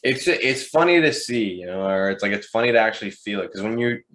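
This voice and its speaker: A man's voice: fairly low pitch, lively intonation, quick pace, fairly bright tone. A man turning thirty, co-hosting a podcast in casual chat, laid-back and dry with a teasing edge. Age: 30s. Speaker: podcast co-host.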